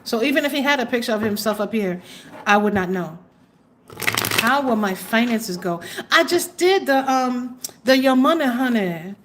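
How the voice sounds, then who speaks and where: Casting: higher-voiced woman, casual livestream tarot reader, bursts of excitement, faint hiss underneath. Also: normal speed. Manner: chatty, exclamatory, trails off with fillers. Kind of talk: live tarot reading chat.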